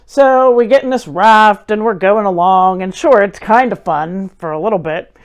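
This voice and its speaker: A woman's voice: medium pitch, moderate pace, smooth. A woman in her forties hosting a show, telling a personal story with wry, self-deprecating humor. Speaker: host. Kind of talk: casual storytelling monologue.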